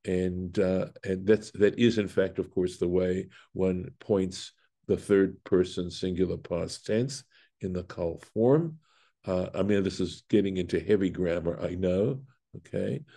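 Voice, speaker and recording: A man's voice: deep voice, a little slow, gravelly, dark tone. A man, a rabbi, teaching a Torah lesson, reading Hebrew aloud and explaining it step by step, with fillers and self-corrections. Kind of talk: Bible study lesson.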